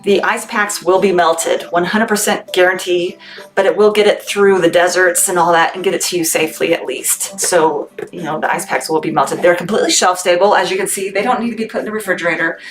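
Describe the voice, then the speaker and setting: A woman's voice: fairly low pitch, steady tone, fairly quick, soft background music. A woman from Texas running a live-stream sale for her candy shop, upbeat and chatty, thanking viewers by name as she talks. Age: adult, military veteran. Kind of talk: live-stream sales chat.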